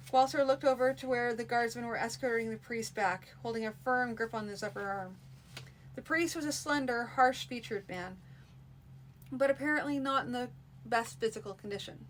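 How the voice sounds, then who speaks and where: Brief: female storybook reader, steady, informal live-stream reading. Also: fairly high pitch, normal speed, a little hiss or hum, low-quality recording. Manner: steady reading with frequent restarts. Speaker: narrator.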